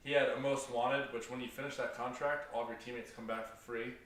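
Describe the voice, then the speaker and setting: Man, podcast co-host, profane animated storyteller, mid voice, distant from mic, echoey room. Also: medium pitch, brisk. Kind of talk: casual chat.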